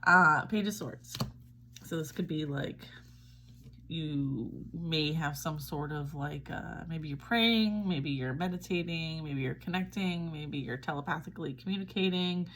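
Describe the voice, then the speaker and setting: A woman's voice: low voice, measured pace, a bit bright, slight background noise. A woman giving a casual tarot reading, chatty and reassuring, often checking in with "all right?". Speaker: tarot reader.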